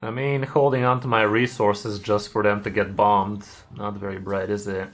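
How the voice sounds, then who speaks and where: Male streamer, low-ish pitch; easygoing, chatty gameplay talk, a bit of casual swearing. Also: flat delivery, normal speed. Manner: laid-back, chatty with viewers, mild swearing.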